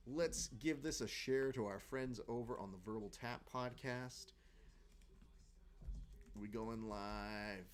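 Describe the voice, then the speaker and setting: A man hosting a live fight watch-along stream, chatting casually, joking and reading out viewer comments. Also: medium pitch.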